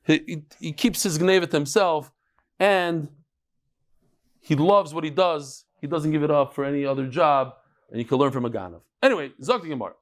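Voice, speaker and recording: A man teaching a Talmud class, telling stories with animated delivery and jumping between voices. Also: a little high, a little fast. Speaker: Talmud lecturer. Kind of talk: lively storytelling lecture.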